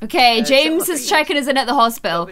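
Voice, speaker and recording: A young Irish woman giving excited let's-play commentary, gasping and squealing often as she plays. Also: high voice, fairly quick. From Ireland. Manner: excitable, frequent gasps and squeals. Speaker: gaming YouTuber.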